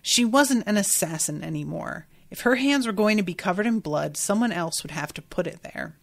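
A woman's voice: medium pitch, expressive, normal speed, gravelly. A woman hosting a podcast, reading passages from a book aloud and reacting to them candidly with frank asides and casual swearing. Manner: candid and irreverent, swears freely, rhetorical questions. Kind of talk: casual chat mixed with read-aloud passages.

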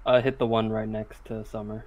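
Gravelly man playing a tabletop game. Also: lowish voice, flat delivery, moderate pace, a little mellow. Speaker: player.

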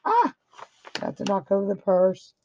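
A woman's voice: mid-range voice, very animated, unhurried, vocal fry, mellow, muffled recording. A woman at her home craft desk, opening a craft swap package and gushing to her viewers. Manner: gushing, exclamatory, addresses viewers as guys. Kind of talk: casual unboxing chat.

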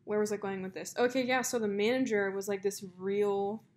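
A woman's voice: medium pitch, fairly even intonation, brisk, slight background noise. A young woman co-hosting a podcast, telling long stories in a casual chat, with plenty of fillers. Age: young adult. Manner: chatty storyteller, many fillers and likes. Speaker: podcast co-host.

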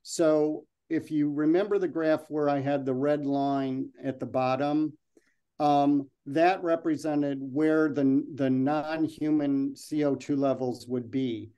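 A man's voice: fairly high pitch, steady tone, takes it slowly, mellow, clean tone, lo-fi sound. A man giving a slide presentation and then answering questions, talking loosely with frequent ums and restarts.

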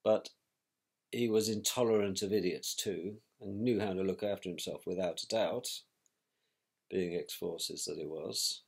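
A middle-aged man, recalling a painful family event in a measured, reflective way with pauses and restarts. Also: low voice, creaky, slightly rough. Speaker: interviewee, victim's brother. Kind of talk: personal recollection.

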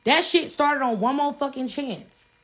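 A woman's voice: sits high, unhurried, fairly bright tone. Woman ranting heatedly on a livestream. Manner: profane, blunt, repeats herself. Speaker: reality show cast member livestreaming.

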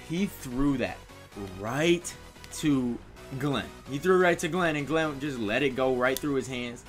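A man's voice: medium pitch, unhurried, faint music behind. A man giving live commentary over his own video game, cheering and talking to the players on screen. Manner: excitable, talks to players on screen. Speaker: gaming YouTuber.

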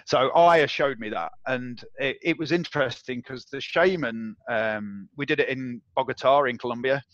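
A man's voice: medium pitch, normal speed, no room sound. Guy telling a trip story, acts out the voices, dull dry sound. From England. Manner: animated, acts out quoted voices, swears and laughs. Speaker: interview guest. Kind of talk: casual storytelling.

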